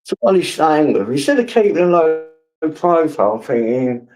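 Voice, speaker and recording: A man's voice: fairly high pitch, lively intonation, fairly quick, darkish tone, low-quality recording. A man with a casual, swearing manner, rambling through stories and answering his chat as a live streamer.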